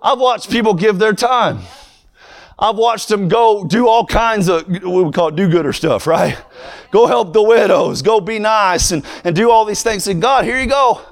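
A man preaching a sermon, fervent and rising to shouts. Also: sits high, measured pace, creaky.

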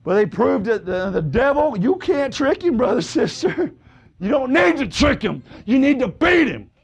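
Fervent gravelly-voiced male preacher. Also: very high voice, sing-song, moderate pace. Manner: fervent, calls out brother, sister, shouts hallelujah. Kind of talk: sermon. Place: church service with congregation responding.

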